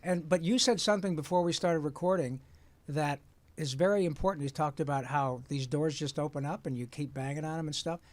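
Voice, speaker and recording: A man in his sixties from Michigan, a voice actor guest telling lively stories in conversation and slipping into playful character voices. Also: fairly high pitch, brisk, no echo. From Michigan, USA. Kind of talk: animated storytelling in conversation.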